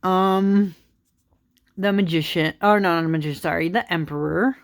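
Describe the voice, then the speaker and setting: In a casual card flipthrough for her tarot channel, a young woman rambles with lots of fillers, giggles, and yawns, worn out late at night. She speaks at a moderate pace in a lowish, creaky voice.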